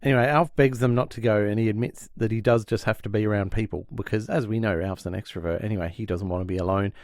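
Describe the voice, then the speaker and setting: A man's voice: on the low side, steady tone, fast talker, dry recording, clean studio sound. A man co-hosting a podcast, chattily recapping a sitcom episode and acting out the quotes. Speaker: podcast co-host.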